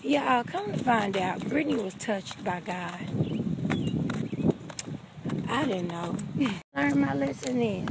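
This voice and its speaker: Animated young woman telling a comic story. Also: on the high side, unhurried, heavy background noise. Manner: animated, talks straight to the audience.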